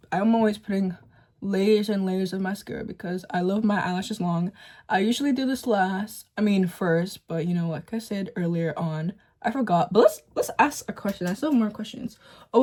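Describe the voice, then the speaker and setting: A woman's voice: mid-range voice, darkish tone. A teenage girl from the Boston area chatting casually while doing her makeup, rambling with lots of "like" and "um". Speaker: beauty vlogger. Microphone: phone camera at close range.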